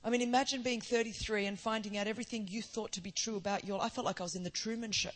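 With a steady, medium-pitched voice and a fast pace, this Australian woman in her forties preaches her testimony to a congregation. Plain storytelling builds into emphatic proclamations, carried by a preacher's cadence.

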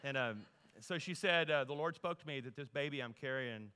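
A middle-aged man from Louisiana, preaching a humorous storytelling sermon that moves from loud to hushed. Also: mid-range voice, a little fast, clean tone. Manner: animated, humorous, folksy, shifts from loud to hushed. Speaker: guest preacher. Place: church sanctuary. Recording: long reverb in a large hall.

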